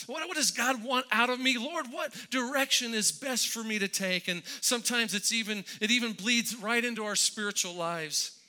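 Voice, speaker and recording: A man's voice: high voice, sharp tone. A man preaching a sermon, telling a story in a conversational way with many restarts and repeated words. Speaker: pastor.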